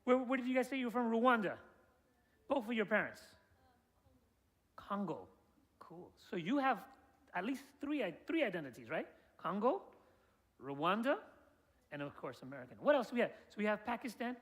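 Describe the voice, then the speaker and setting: A man's voice: high voice, big pitch swings, moderate pace, long pauses, fairly bright tone. A man guiding a group through an interactive presentation about an upcoming tour. He keeps asking the audience questions and praising their answers. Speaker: tour guide presenting a trip.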